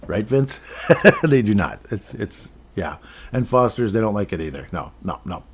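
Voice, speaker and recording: A man's voice: fairly low pitch, very animated, moderate pace, breathy edge. A man hosts a casual sports podcast from home. He rambles and jokes along, with frequent chuckles. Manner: rambling, jokey, chuckles often. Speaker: podcast host.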